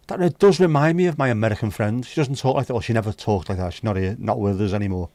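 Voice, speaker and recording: A man's voice: fairly low pitch, fast, few pauses, dark tone, no room sound. A man hosting a livestream, chatting casually and jokily with his viewers. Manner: chatty, jokey banter. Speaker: livestream host.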